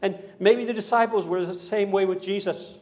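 Male preacher, a touch high in pitch, dramatic sermon storyteller who moves from emphatic to quiet. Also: fairly even intonation, moderate pace. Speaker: pastor.

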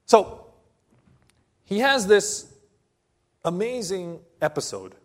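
Preaching a sermon to a congregation, a man with a high-sitting, animated voice tells a story slowly and dramatically, breaking into sudden loud bursts.

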